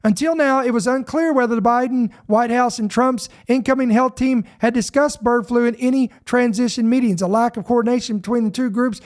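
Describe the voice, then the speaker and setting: A man from Georgia, hosting a podcast and reading news headlines aloud. He talks emphatically, slows down to stress certain words and often repeats himself mid-sentence. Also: very high-pitched, fairly even intonation. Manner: repeats himself, self-interrupting. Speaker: podcast host.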